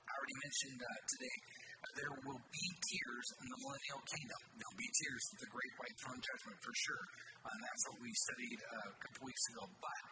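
A man preaching a sermon with earnest, animated delivery that swoops suddenly high on key words. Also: fairly quick. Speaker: pastor. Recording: distant mic with loud background noise.

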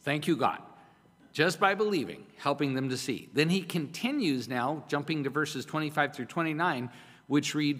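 A middle-aged male pastor delivering a sermon in a slightly higher-than-usual voice. He talks in an emphatic, conversational way, pressing his points with rhetorical questions. The sound carries the long reverb of a hall. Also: animated, moderate pace, a bit bright.

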